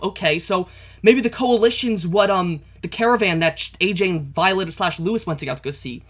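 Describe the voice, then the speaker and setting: This is a man hosting a comic reaction video, his voice sitting a little high for a man. He narrates the panels step by step and often stops to correct himself. Now and then he breaks off to say how much he dislikes where the story is going. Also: fairly quick, a bit bright. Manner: openly dismayed commentary. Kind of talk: reading a comic aloud and reacting.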